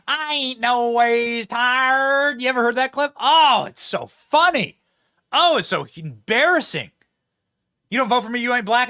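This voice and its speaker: High, animated sarcastic male host. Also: no room sound, clean studio sound. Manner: mocking, sarcastic, laughs often. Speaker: political show host. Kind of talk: opinionated political commentary.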